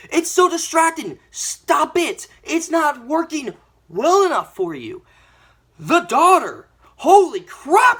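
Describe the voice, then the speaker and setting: A young woman giving a ranting movie review, animated and exasperated, with mild swearing. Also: fairly high pitch.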